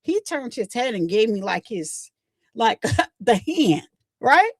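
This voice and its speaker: A woman's voice: a little high, sing-song, takes it slowly, dry recording. Chatty woman host, rambling livestream stories. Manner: rambling, chatty, addresses viewers directly. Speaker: channel host. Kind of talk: casual livestream storytelling.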